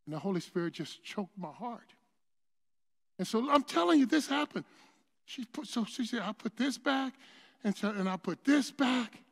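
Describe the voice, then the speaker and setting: High-voiced preacher in a reverberant church. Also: male voice, very animated, normal speed, creaky. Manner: builds to shouting crescendos; conversational storytelling with many restarts. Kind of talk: storytelling sermon. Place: church sanctuary. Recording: long hall reverb.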